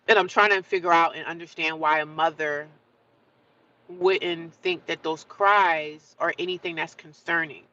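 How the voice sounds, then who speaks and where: A woman's voice: low-pitched, fairly even intonation, measured pace, bright, forceful tone, muffled recording. A woman hosting a casual livestream, talking straight to her viewers, greeting them by name and often repeating herself as she goes. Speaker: livestream host.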